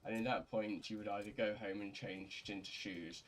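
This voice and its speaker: A young man from England talks in a low-pitched voice. He is a bit tipsy and rambles casually through his gaming commentary. He swears freely and often restarts himself. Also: fairly even intonation, moderate pace. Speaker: gaming streamer.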